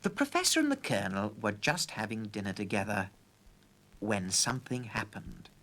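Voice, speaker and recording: Lively low-voiced male storyteller. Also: normal speed. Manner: lively, playful. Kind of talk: children's story narration.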